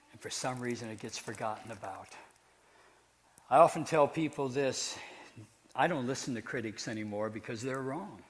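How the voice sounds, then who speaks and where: A man's voice: mid-range voice, slight background noise. A man preaching to a live audience, telling a story in an earnest, emphatic way. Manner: earnest, emphatic speaking to a crowd. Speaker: preacher and ventriloquist.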